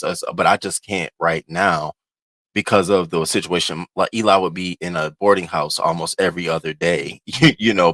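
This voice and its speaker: Bright, dry-voiced chatty male host. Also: low voice, dry recording. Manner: chatty, calls viewers baby and y'all. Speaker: show host. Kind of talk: casual morning livestream talk.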